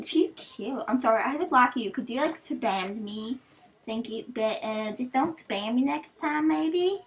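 A teenage girl chatting casually as she opens gifts, excitable, gasping and thanking over and over. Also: on the high side, takes it slowly. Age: teens. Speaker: vlogger opening gifts. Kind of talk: casual chat.

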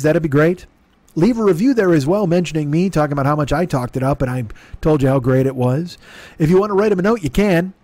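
A man's voice: on the high side, a little mellow, dry recording. A man hosting a comedy podcast, rambling in circles with self-mocking, profane asides. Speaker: podcast host.

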